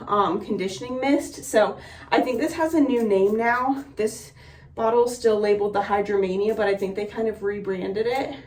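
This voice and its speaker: A woman's voice: medium pitch, a little mellow, slight background noise. A young woman giving a casual hair tutorial in a chatty, friendly way with lots of fillers, slightly out of breath. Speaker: beauty vlogger. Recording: roomy echo, mic a bit distant.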